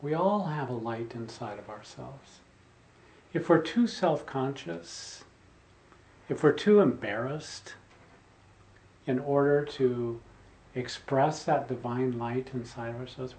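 A man's voice: mid-range voice, takes it slowly, pauses often, a little mellow. An older man, a spiritual teacher, giving an earnest sermon and repeating key phrases for emphasis.

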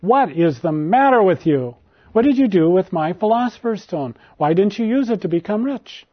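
A man's voice: a little high, animated, moderate pace. A man voicing a proud young prince who speaks earnestly and turns urgent and commanding, read as part of a storybook tale. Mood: angry, demanding. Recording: dull lo-fi recording.

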